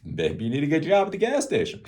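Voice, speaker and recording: Kind but blunt little old woman as a man puts her on, slow, gentle, pitch jumping around. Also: wildly swooping pitch. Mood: gently blunt.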